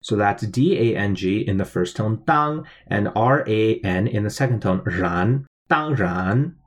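Going step by step, this language-teacher co-host spells each word out and explains what it means, keeping things clear and methodical. He speaks at a normal speed in a somewhat low, animated voice.

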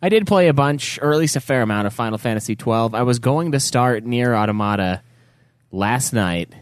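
Podcast co-host, male, lively swings in pitch, dry close sound, swears freely. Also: moderate pace, clear, resonant tone, no room sound. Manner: animated storytelling with frequent swearing. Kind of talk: casual chat.

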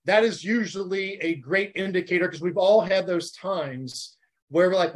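An American man in his forties with a notably high speaking voice, talking as a podcast guest. He comes across animated and earnest, pouring feeling into each point in a relaxed interview chat. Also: moderate pace. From United States. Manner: animated, earnest and heartfelt, talks about faith. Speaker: podcast guest, former Navy SEAL.

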